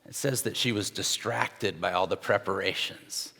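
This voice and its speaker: Low, creaky and slightly rough with a sharp edge, this middle-aged pastor's voice moves at a moderate pace through a conversational sermon full of restarts and acted-out quotations. Long reverb from the church sanctuary fills the recording.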